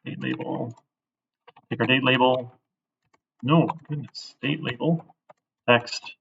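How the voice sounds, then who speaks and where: A gravelly-voiced man runs a casual coding lecture, thinking aloud as he types. He is picked up from across a classroom, so his voice sounds distant and dull. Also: mid-range voice, steady tone, takes it slowly, a bit bright, slight background noise. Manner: conversational, thinks aloud, often asks "right?". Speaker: programming instructor.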